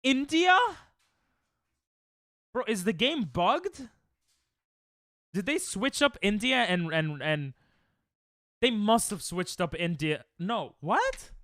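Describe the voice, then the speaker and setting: A young man streaming a game, chatting casually and reacting excitably to chat on a headset mic. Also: high voice, slow pace, pauses often, no room sound, clean studio sound. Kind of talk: casual live-stream chatter while gaming.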